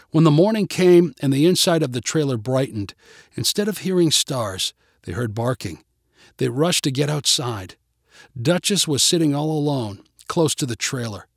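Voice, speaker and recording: A man narrating a storybook in an expressive, even-paced way. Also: mid-range voice, no echo, studio quality. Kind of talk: storybook reading.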